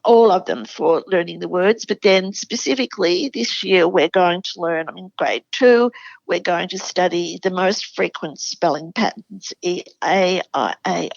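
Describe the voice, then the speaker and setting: In a medium-pitched, creaky voice, the Australian woman, a regular guest who teaches literacy, eagerly discusses classroom spelling during a chatty podcast interview. The recording sounds dull and has no room sound.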